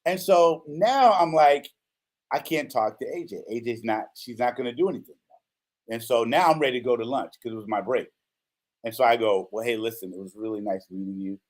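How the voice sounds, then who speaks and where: Hosting a laid-back show, a man in his fifties narrates a story in a mid-range voice at an ordinary pace. He is an animated storyteller who performs the quoted lines and keeps asking "right?"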